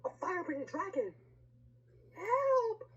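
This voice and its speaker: A woman voicing a frantic female witch from a storybook, crying out in high, loud bursts. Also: animated, normal speed, muffled recording, a little hiss or hum, lightly acted. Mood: panicked.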